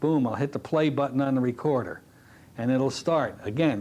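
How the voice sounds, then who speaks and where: A middle-aged man teaching a recorded hypnotherapy lesson, telling stories from his practice in a lively way. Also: medium pitch, normal speed, a little hiss or hum. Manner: animated storytelling, drops to a soft hypnotic voice when demonstrating. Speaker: hypnotherapy instructor. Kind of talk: recorded training lecture.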